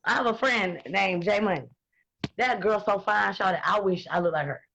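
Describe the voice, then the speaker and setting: A woman, talking in blunt, profane and animated casual chat as host. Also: mid-range voice, normal speed, gravelly, muffled recording, slight background noise. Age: 20s.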